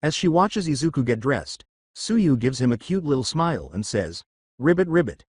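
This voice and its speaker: A man narrating a fan fiction story in an even storytelling manner. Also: mid-range voice, moderate pace, husky, no echo, studio quality. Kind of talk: fanfic story reading.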